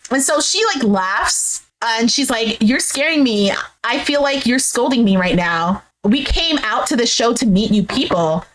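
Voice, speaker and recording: A woman recapping a dating show episode in a casual, animated way, quoting the cast as she retells each scene. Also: a little high, normal speed, rough recording. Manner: retells scenes animatedly, acting out quotes with "he's like". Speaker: recap vlogger. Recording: faint background noise.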